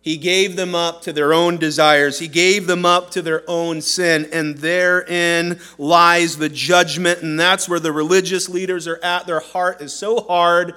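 A man's voice: fairly high pitch, little pitch movement, measured pace, few pauses, bright, forceful tone, clear, resonant tone. A man preaching a sermon as pastor in a church, earnest and emphatic, acting out the voices he quotes.

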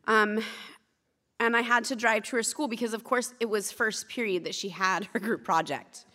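A woman's voice: medium pitch, fairly even intonation, moderate pace, pushed and bright. A woman in her thirties preaching at church, telling candid, self-deprecating stories between scripture teaching. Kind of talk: sermon.

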